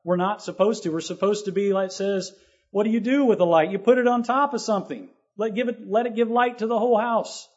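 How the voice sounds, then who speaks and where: A man's voice: high-pitched, fairly even intonation, brisk, a little mellow. Earnest preaching man, lo-fi sound. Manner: earnest, rising to emphatic on scripture. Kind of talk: sermon. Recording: dull lo-fi recording.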